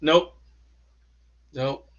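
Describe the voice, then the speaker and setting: Halting man with muffled lo-fi sound. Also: a bit bright. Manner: halting, with many restarts and trailing phrases. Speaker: author and interview guest. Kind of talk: casual interview storytelling. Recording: dull lo-fi sound.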